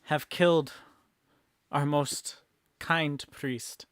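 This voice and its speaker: A man voicing a male town mayor who loudly denounces strangers before a crowd in a tabletop game. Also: fairly high pitch, fairly even intonation, extremely slow, clear, resonant tone, dry recording, studio quality. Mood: accusing. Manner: loud, indignant proclamation.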